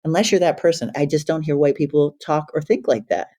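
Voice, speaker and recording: A man's voice: a little high, expressive, warm tone. A man hosting a podcast, chatting enthusiastically about books and history with his guest. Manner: enthusiastic, bookish, talks in quick bursts. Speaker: podcast host. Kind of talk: casual interview chat.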